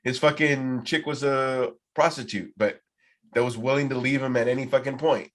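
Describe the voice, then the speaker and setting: A man's voice: mid-range voice, fairly even intonation, moderate pace. A man hosting a casual podcast trivia night, rambling and swearing freely as he talks. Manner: rambling, heavy swearing, loose and profane. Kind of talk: casual group chat.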